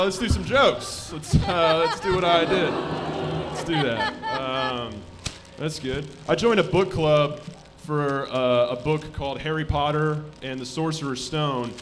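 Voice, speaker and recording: A man in his twenties doing a live stand-up set in a comedy club, deadpan, muttering asides and then bursting into shouted voices. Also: fairly high pitch, a little slow, heavy background noise. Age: 20s.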